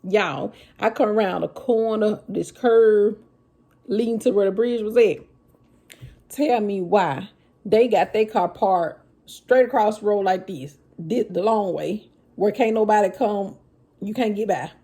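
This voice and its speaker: A woman telling her own story to viewers in a casual, animated vlog. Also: medium pitch, measured pace, slightly rough. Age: adult with children. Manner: animated, addresses viewers as y'all, Southern US vernacular.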